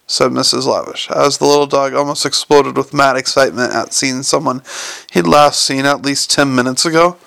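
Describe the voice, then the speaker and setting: A man narrating an audiobook in a measured, wry storytelling manner. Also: mid-range voice, steady tone, gravelly, a bit bright, no room sound. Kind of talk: scripted narration.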